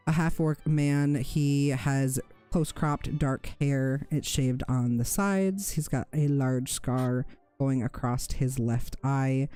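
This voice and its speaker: Slow, mellow game master narrating. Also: mid-range voice. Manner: slow, descriptive, with small self-corrections.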